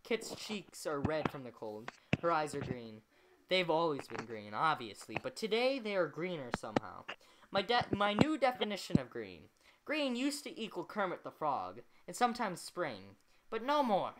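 A woman's voice: deep voice, big pitch swings, moderate pace, background noise. A woman reading a novel aloud at home, chatty, stopping to comment on the text and laugh at her own slips. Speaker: amateur reader.

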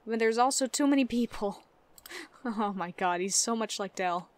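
A young woman talks her way through a life-sim game, chatting straight at her characters and laughing between lines. Her voice sits a little high and stays casual and unscripted. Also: normal speed. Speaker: let's play gamer. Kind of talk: casual gameplay commentary.

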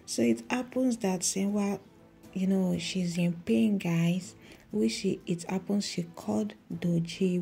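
A woman's voice: medium pitch, takes it slowly, gravelly, faint music behind. A woman hosting a reaction video, recapping a drama episode in casual chat, saying "guys" a lot and reading lines aloud. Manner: keeps saying "guys," reads out subtitle lines, soft near-whisper at times.

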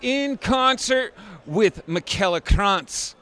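A man's voice: high voice, lively intonation, slow pace, bright, forceful tone. A man co-hosting a casual convention interview, joking and rambling. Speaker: co-host. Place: outdoor convention. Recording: noisy outdoor ambience.

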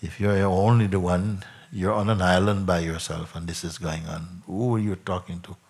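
Low husky man teaching a satsang. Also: fairly even intonation, darkish tone. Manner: probing, repeats questions back to the listener; slow, reflective phrasing with frequent "you know" and "no?". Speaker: spiritual teacher. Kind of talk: satsang talk answering a questioner.

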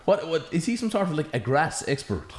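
A man's voice: fairly high pitch, very animated, fairly quick. An Irish man hosting, firing off teasing questions and laughing a lot in casual chat. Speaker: host. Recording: echoey room, faint noise.

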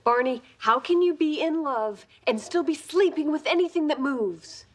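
An actress playing a direct, earnest friend in a sitcom. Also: female voice, high voice, lively intonation, normal speed. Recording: sitcom with laugh track.

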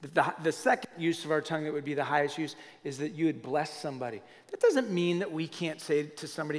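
Man, pastor, middle-aged, animated conversational sermon, slightly high voice, long hall echo. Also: quick pace, hardly any pauses. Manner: conversational, animated preaching with audience asides.

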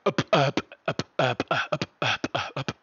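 A man's voice: medium pitch, a little slow, pushed and bright, husky, no room sound, dull audio. A young man live-streaming from his desk at home, chatting casually and profanely into a desk microphone and rattling off thanks to viewers by name.

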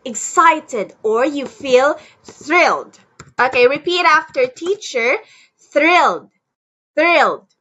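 High, lively woman tutoring English. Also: slow pace, highs cut off. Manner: encouraging, drills words for repeating, praises often. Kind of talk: one-on-one language lesson. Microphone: headset or computer mic on a video call.

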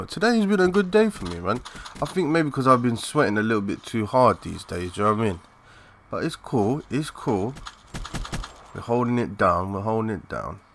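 Young man, live game commentary, lowish pitch, sharp bright tone, slangy and sweary, faint noise behind. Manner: excitable, swearing, chatty slang. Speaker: gaming commentator.

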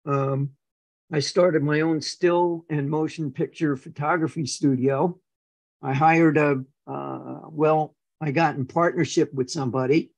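An older man with a fairly high voice tells his life story on a video call, bringing each scene to life by acting out the dialogue. His delivery is animated, full of stammered repeats, and his voice sounds close and dry. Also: no room sound, low-quality recording. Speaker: guest. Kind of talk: casual storytelling.

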